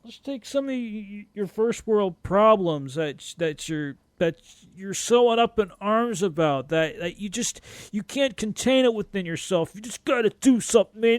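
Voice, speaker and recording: A man's voice: high-pitched, moderate pace, few pauses, dry recording, clean studio sound. Profane, ranting young man podcaster. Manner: animated rant with laughs and frequent swearing. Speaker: podcast host. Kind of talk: solo podcast rant.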